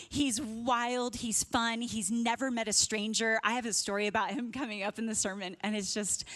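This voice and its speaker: A woman's voice: fairly high pitch, fairly bright tone. A woman preaching at a conference, emotional and laughing often. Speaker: pastor. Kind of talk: sermon. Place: church stage at a conference.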